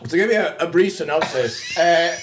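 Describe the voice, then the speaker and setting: A man with a high voice tells a self-mocking story in casual pub chat and keeps breaking into laughter. A chattering pub crowd carries on clearly behind him. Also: animated, normal speed. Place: busy pub.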